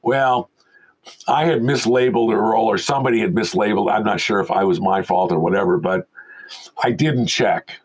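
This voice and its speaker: A man's voice: on the low side, normal speed, breathy edge, low-quality recording. An older man, a veteran film sound mixer, telling stories casually as an interview guest and animatedly acting out the people in them. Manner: animated storyteller who acts out quoted voices.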